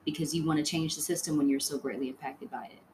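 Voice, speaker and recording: A woman's voice: deep voice, steady tone, quick pace, mellow, a little hiss or hum. A woman co-hosting a podcast in casual chat, agreeable and affirming.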